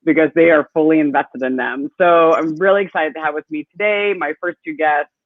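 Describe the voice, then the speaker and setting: A man's voice: fairly high pitch, fairly even intonation, fairly quick, no room sound. Chatty male host on a tinny line. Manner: chatty, hesitant, filler-heavy. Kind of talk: live online interview. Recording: tinny phone-like dry sound.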